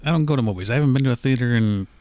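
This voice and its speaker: A man's voice: mid-range voice, very fast, darkish tone. A man, speaking bluntly in casual podcast chat about what he likes and hates. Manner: blunt, opinionated.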